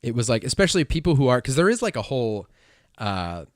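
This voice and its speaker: Guy rambling on a podcast, smooth clear voice, dry close mic, lots of likes and ums. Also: mid-range voice, quick pace, dry recording. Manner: rambling, animated, lots of fillers and restarts. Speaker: podcast co-host. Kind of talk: casual chat.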